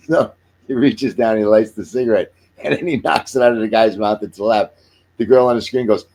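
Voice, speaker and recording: A man's voice: fairly low pitch, expressive, brisk, a little mellow. A man in his sixties hosting a casual chat show, rambling through jokes and movie picks and swearing freely. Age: 60s. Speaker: podcast host.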